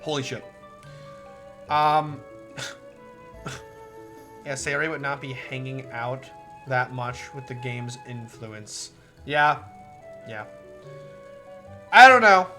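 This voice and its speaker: A woman's voice: extremely low pitch, bright, forceful tone, soft background music. Ranting, swearing female game streamer. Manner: heated, swearing ranting with quick stumbling restarts. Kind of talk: live game commentary and reading.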